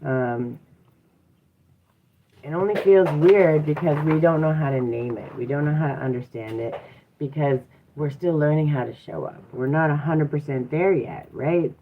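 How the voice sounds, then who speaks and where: Woman livestream host, low voice, reflective coaching tone, phone-quality tinny sound. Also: moderate pace, a little hiss or hum. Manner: reflective and encouraging, many rhetorical questions and "um"s. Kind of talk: casual motivational livestream talk. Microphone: device mic from a live stream. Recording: tinny phone-like live stream audio.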